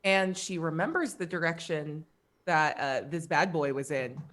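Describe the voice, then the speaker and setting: A woman's voice: low voice, lively intonation, unhurried, a bit bright. A woman playing in a tabletop game, narrating her character's actions with a wry, laughing tone. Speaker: player. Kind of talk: casual tabletop play.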